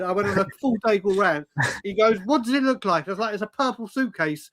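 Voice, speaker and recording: A man's voice: high voice, a little fast, pushed and bright. A man, telling stories animatedly on a casual live stream, swearing and saying "mate" constantly. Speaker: co-host.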